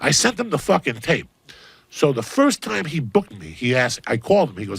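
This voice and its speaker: Gravelly, profane comedian ranting. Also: male voice, on the high side, very animated, moderate pace, no echo. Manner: loud, swearing, punchy bursts with sudden shouts. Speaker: comedian guest on a podcast. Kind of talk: profane comic rant and storytelling.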